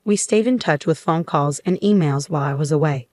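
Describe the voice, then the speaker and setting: Low-voiced woman narrating a story. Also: fairly quick, darkish tone. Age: late 20s. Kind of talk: first-person story narration.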